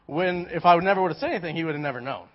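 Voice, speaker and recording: Young male preacher, casual storytelling, high voice, muffled lo-fi sound. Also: rapid-fire. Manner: animated, storytelling, many restarts. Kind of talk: casual sermon with personal story. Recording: dull lo-fi recording.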